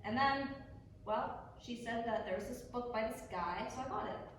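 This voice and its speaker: A woman's voice: fairly high pitch, a bit bright, a little hiss or hum, close to an everyday voice. A young woman acting on stage as a blunt, ambitious young legal secretary who swears and laughs easily. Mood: teasing. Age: young adult. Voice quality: brash, swearing, quick to laugh. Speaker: student actor. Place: theater stage. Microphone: far camera. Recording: echoey stage heard from far off.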